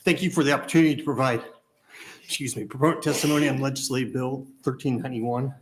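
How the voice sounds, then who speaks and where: A man testifies before a committee from prepared remarks. He is out of breath and stops now and then to clear his throat. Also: medium pitch, fairly even intonation, quick pace, rough recording. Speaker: advocacy testifier. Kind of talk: formal legislative testimony. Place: legislative hearing room.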